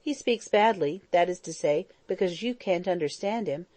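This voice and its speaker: A woman's voice: lowish voice, expressive, unhurried, warm tone, dry recording. A woman voicing a cool, mischievous male army major in an audiobook. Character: dry, teasing Scottish army major.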